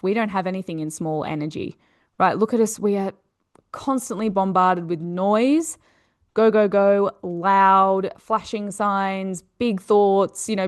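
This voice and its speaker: A woman with an Australian accent, a yoga teacher explaining ideas in an earnest teaching talk, often checking in with "you know" and "okay". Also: mid-range voice.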